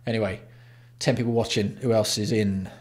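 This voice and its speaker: A man's voice: lowish voice, fairly even intonation, a little fast. A man from England hosting a casual livestream, greeting viewers by name with blunt, sweary banter. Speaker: livestream host.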